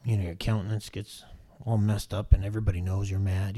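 A pastor preaches a brisk sermon to his congregation, animated and questioning. His pitch rises sharply whenever he emphasizes a point.

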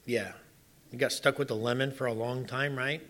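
A middle-aged man preaching a sermon, telling stories in an animated way and asking the congregation rhetorical questions. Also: medium pitch, moderate pace. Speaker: pastor.

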